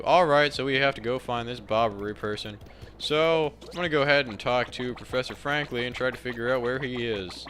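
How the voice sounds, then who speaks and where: Relaxed let's-play host, man; offhand and chatty, bright voice. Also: medium pitch, a little fast, soft background music. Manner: laid-back, mumbling asides. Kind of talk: casual game commentary.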